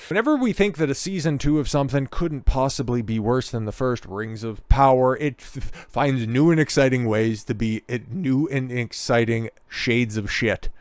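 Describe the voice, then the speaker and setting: A man's voice: medium pitch, clean tone, no echo. A man giving opinionated commentary in a sarcastic, mocking way, loose with fillers. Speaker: commentary vlogger.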